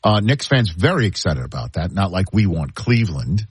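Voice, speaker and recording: A man's voice: low voice, sing-song, moderate pace, slightly rough, no echo. A man with a New York accent hosting sports radio, talking casually and hammering his points home by repeating them. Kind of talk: casual sports talk debate.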